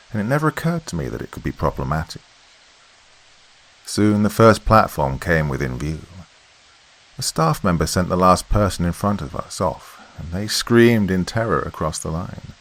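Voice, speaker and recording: A man reading a scripted horror story as podcast narrator, in a measured, steady storytelling manner. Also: deep voice, rough recording.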